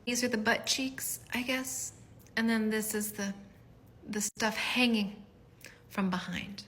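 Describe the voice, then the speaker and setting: A woman's voice: on the high side, takes it slowly, a bit bright, slight background noise. A woman in her thirties telling funny stories in a casual vlog, chatty and swearing, laughing often. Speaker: vlogger, mom.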